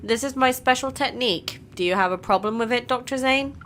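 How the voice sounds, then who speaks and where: A woman's voice: fairly high pitch, fairly quick, a bit bright. A woman hosting a casual game playthrough, chatting, reacting and reading the story aloud. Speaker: gaming channel host.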